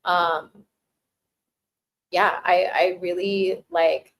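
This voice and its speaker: A woman's voice: on the low side, flat delivery, drawn-out words, a little hiss or hum, rough recording. A woman hosting a casual live Q&A, laughing often and thanking viewers as she reads their messages, with many restarts and filler words. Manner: warmly thanks viewers reading chat. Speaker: livestream host answering chat. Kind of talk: casual chat.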